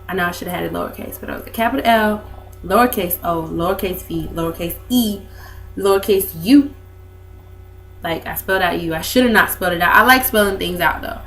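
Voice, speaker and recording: A woman's voice: medium pitch, fairly bright tone. Young woman, casual vlog chatter, rambling, faint music behind. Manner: chatty, rambling, lots of fillers. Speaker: vlogger. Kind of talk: casual chat to camera.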